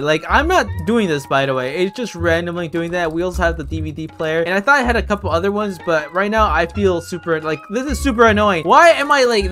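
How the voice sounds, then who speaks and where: A young man giving excitable, chatty commentary over his own gameplay as a gaming video creator, with frequent startled exclamations. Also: sits high. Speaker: gaming YouTuber.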